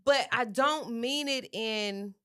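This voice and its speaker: A middle-aged mother on a talk panel, telling stories in an animated, lively way. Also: on the high side, slow. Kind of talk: casual chat.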